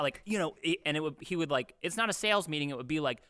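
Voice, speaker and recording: Animated young man telling a story. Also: fairly high pitch, quick pace, no room sound, studio quality. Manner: animated, acts out quotes, swears freely. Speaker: podcast co-host. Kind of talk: casual storytelling.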